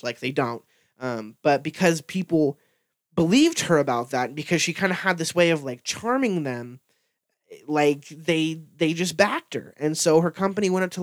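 A man's voice: a little high, dry recording, studio quality. A young man ranting casually, full of fillers and swearing. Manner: profane, filler-heavy, excitable storytelling. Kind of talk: casual rant.

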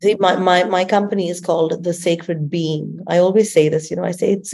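Woman, lowish voice, expressive guest coach who tells stories and laughs often. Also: fairly quick, creaky, hardly any pauses. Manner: expressive storyteller, laughs often and acts out quotes. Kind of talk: spiritual conversation.

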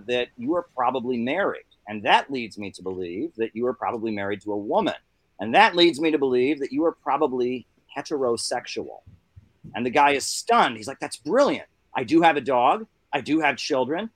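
A man's voice: mid-range voice, fairly quick, dry recording. A man telling jokes and stories in casual chat, doing little voices for the people in them. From New York. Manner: animated storyteller, doing voices for characters.

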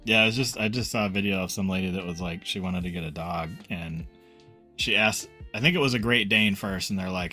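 Lower-voiced man with a bright tone. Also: fairly quick, husky, soft background music. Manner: relaxed, rambling with lots of "like". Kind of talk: casual chat.

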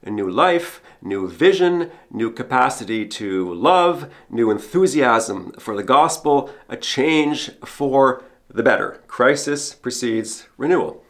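A man preaching an earnest podcast homily, speaking like a priest and returning again and again to a steady refrain. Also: medium pitch, slow, hardly any pauses. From Canada. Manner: earnest, repeats a refrain for emphasis. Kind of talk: sermon.

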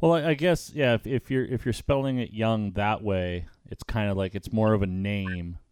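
Male podcast host, lowish voice, chatty and relaxed, dry close sound. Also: clear, resonant tone, dry recording. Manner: easygoing, chatty, quick to laugh. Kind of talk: casual podcast interview.

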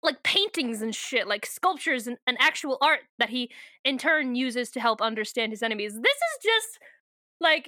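A woman's voice: high-pitched, sing-song, normal speed, sharp tone, no echo. A young woman co-hosting a podcast in casual chat, rambling through a book recap, swearing freely and laughing often.

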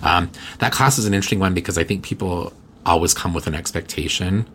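A man's voice: low voice, quick pace, fairly bright tone, a little hiss or hum. A man hosting a podcast, chatting casually and rambling through announcements with lots of fillers. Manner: rambling, filler-heavy, self-mocking. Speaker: podcast host.

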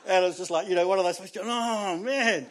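A New man in his thirties preaching to his church. He tells stories with animation and laughs often, and his voice sits high for a man. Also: very fast. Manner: animated storytelling, laughs often, restarts words. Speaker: pastor. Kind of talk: sermon.

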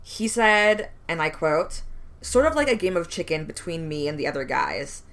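A woman's voice: sits low, moderate pace. A young woman co-hosting a casual true crime podcast, narrating a case with many ums. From West Indian family, immigrant parents. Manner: relaxed storytelling with frequent ums, laughs between lines.

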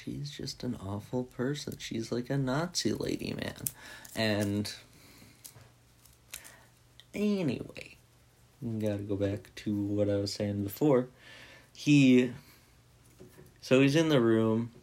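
A man's voice: mid-range voice, lively intonation, slow, long pauses, darkish tone. A man giving a casual, rambling spoken recap of a movie, full of "like" and swearing freely. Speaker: movie reviewer.

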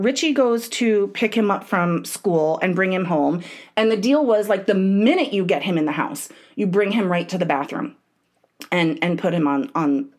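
A woman in her thirties co-hosting a podcast, telling a story in a profane, animated way with loud bursts. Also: medium pitch. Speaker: podcast co-host. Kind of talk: casual chat.

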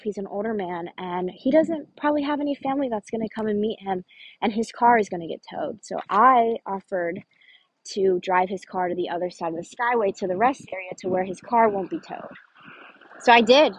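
On a rough recording, a woman with a medium-pitched, slightly rough voice tells a true story from her own life. She speaks earnestly and conversationally, often dropping in "like" as a filler.

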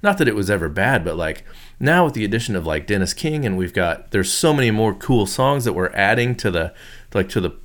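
A man with a low voice hosts a radio show in a relaxed, off-the-cuff way. He jokes, trails off and restarts sentences, piling up fillers as he talks between tracks. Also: brisk. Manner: rambling, loose and joking, many fillers and restarts. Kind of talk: casual radio chat.

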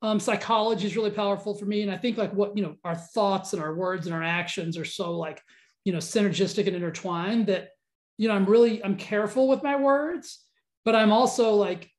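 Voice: medium pitch, steady tone, fairly quick. A podcast host talking casually and enthusiastically, rambling a bit and laughing easily. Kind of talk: casual conversational interview.

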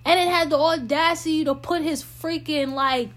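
A woman's voice: high voice, fairly even intonation, normal speed, a bit bright. A woman telling funny stories in casual, slangy chat, laughing often.

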